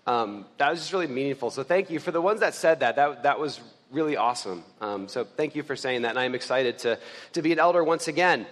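A man preaching a casual, conversational sermon in a church, earnest and halting, with many fillers and restarts. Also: mid-range voice, animated, fairly bright tone. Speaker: pastor and church elder. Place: church sanctuary. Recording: long hall reverb.

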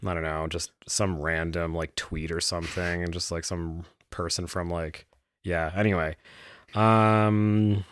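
A man's voice: low-pitched, flat delivery, measured pace, fairly bright tone, no echo, studio quality. A man co-hosting a podcast, rambling and laughing often as he chats casually. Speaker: podcast co-host. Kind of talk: casual chat.

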